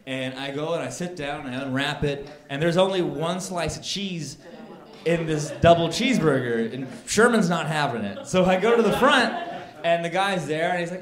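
A man's voice: on the high side, expressive, normal speed, roomy sound, a crowd in the background. A man doing a stand-up comedy set, telling a rambling, indignant story.

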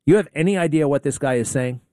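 A man's voice: fairly high pitch, fast, darkish tone, no room sound, studio quality. A man hosting a talk radio show, rambling through an opinionated monologue with sarcasm and indignation.

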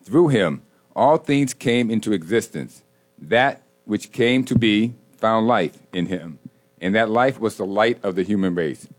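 Male co-host, low voice, teasing, leads a prayer. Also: animated, measured pace, faint music behind. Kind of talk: prayer and casual banter.

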